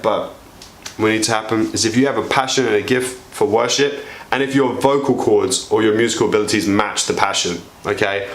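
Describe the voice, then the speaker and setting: In a roomy-sounding space, a male pastor preaches to his congregation with energy and humor. His pitch rises and falls dramatically while he asks for volunteers.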